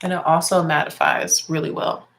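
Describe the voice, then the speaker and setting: A woman's voice: sits low, wildly swooping pitch, normal speed, creaky, fairly bright tone. A young woman with a slightly congested voice, chatting casually through a makeup tutorial and explaining each step as she works. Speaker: music teacher and beauty vlogger.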